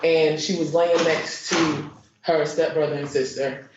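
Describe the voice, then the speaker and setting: A woman giving courtroom testimony, halting and repeating herself with many fillers. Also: low voice, steady tone, background noise. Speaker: witness. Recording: echoey muffled courtroom stream.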